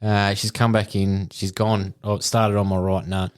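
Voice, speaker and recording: Casting: Australian man, lowish voice, crude storyteller, laughs often. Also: flat delivery, normal speed, clean tone. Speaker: podcast co-host. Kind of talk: casual storytelling.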